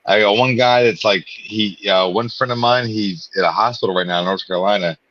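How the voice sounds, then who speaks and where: A man's voice: lowish voice, fairly quick, fairly bright tone, no echo. A man co-hosting a live watch-party stream in casual chat, laid-back, profane and self-mocking. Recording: dull, dry lo-fi stream mic.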